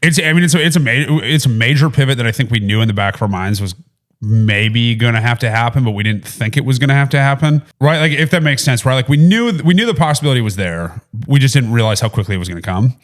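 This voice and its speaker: A man in his thirties co-hosting a casual business podcast, loud and rambling, full of fillers and restarts. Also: mid-range voice, fast talker. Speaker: podcast co-host.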